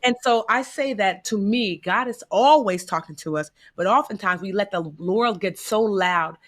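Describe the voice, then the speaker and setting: A woman from the United States, a guest telling stories in casual conversation, animated and acting out the voices she quotes, with folksy asides. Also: medium pitch, moderate pace.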